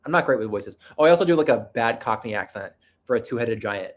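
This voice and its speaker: A man's voice: medium pitch, lively intonation, brisk, pauses often. A man with a nasal voice hosting a casual livestream, answering viewer questions in a rambling, self-deprecating way. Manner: self-deprecating, rambling, with frequent restarts and laughter. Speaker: video creator and livestream host.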